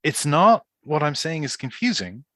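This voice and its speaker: A man's voice: fairly high pitch, very animated, moderate pace, pushed and bright, no room sound. A man from Ireland, hosting a casual interview and talking thoughtfully with frequent hesitant restarts. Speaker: podcast host. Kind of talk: casual conversation.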